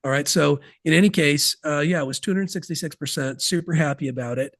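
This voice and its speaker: Man, podcast guest, emphatic, folksy, higher pitch, dry close sound. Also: fairly quick, no room sound. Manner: emphatic, folksy, sports analogies. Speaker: sales systems guest. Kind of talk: podcast interview.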